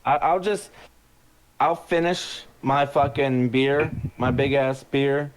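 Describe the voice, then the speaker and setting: A laid-back man playing a tabletop game. He stammers into his sentences and swears casually. His pitch is ordinary for a man. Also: slow, a little hiss or hum. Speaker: player. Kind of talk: casual tabletop role-play.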